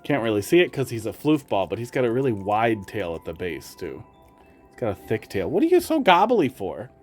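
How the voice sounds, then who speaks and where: The speaker is a man with a lowish, slightly mellow voice and a brisk pace, plus a slight Wisconsin accent. He streams, chatting casually with his audience and sing-songing to his cats, while faint music plays.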